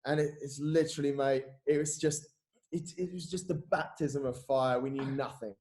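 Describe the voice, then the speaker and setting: A man, a podcast guest and coach telling stories in casual, animated chat, swearing and saying "mate" a lot. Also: mid-range voice, moderate pace.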